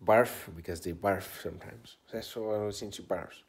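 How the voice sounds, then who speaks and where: A man's voice: lowish voice, moderate pace. A man casually narrating his own vlog like a mock tour guide, talking in a put-on accent he can't place. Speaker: comedian vlogger.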